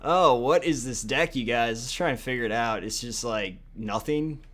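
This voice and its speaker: A man's voice: medium pitch, moderate pace, a bit bright. A young man giving casual, profane, sarcastic commentary on a card game he is playing, often muttering to himself. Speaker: gaming video host.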